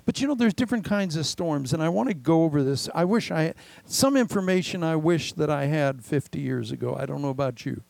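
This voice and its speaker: An older man preaching a sermon as pastor, animated and acting out the voices he quotes. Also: a little high, vocal fry, no echo, rough recording.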